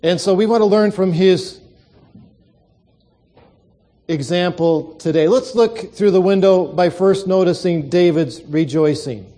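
A man's voice: high-pitched, measured pace, long pauses, mellow. A male pastor preaching a sermon, telling stories and asking the congregation rhetorical questions.

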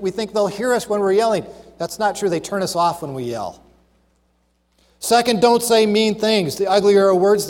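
Man preaching a sermon, highish voice, leans on key phrases, long echoey hall sound. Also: a little mellow. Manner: emphatic, listing numbered points and slowing down on key phrases.

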